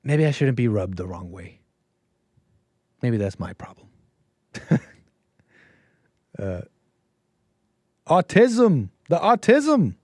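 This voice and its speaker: A man's voice: sits low, lively intonation, slow, pauses often, dark tone, no room sound, clean studio sound. A man hosting a casual commentary livestream, sarcastic and often laughing. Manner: sarcastic, keeps breaking into laughter. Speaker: livestream host.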